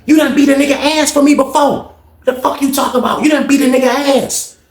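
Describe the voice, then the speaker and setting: A man's voice: normal speed, a bit bright, reverberant. A man voicing a hot-headed male inmate who curses, taunts and shrieks insults. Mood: furious. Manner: shrill, profane, taunting.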